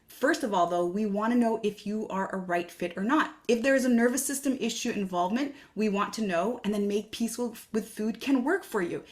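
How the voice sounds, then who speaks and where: A woman's voice: mid-range voice, a little mellow. A woman hosting her own podcast, talking earnestly and coaching listeners with reflective questions. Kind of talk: solo podcast talk.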